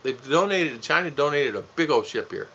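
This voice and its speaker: A man's voice: a little high, animated, moderate pace, sharp tone. A man co-hosting a casual live stream, joking with his wife and greeting viewers by name. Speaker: vlog co-host. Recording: dull lo-fi sound.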